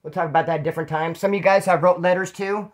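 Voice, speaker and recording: A man's voice: high-pitched, fairly even intonation, rapid-fire. A man telling rambling, slangy, profane stories in a casual monologue. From California. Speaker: storyteller about prison life.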